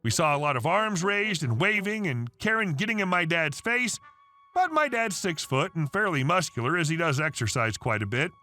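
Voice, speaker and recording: A man reading an online story aloud, narrating with animated delivery and changing voices for the characters. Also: a little high, normal speed, soft background music.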